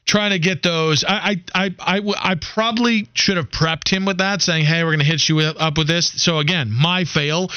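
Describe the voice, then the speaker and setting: A man hosting a sports radio show, talking in loose, teasing banter that wanders and pokes fun at himself. His voice sits high and sounds bright and forward. The sound is dry and a bit dull, like a lo-fi radio broadcast. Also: steady tone, normal speed, hardly any pauses, clear, resonant tone, dry recording. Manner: joking, rambling, self-deprecating.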